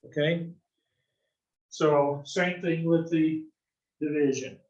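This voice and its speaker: A man teaching an algebra class, explaining slowly and answering his own questions as he goes. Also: on the high side, fairly even intonation, darkish tone, echoey room, far from the mic, dull audio. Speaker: math instructor. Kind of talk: recorded classroom lecture.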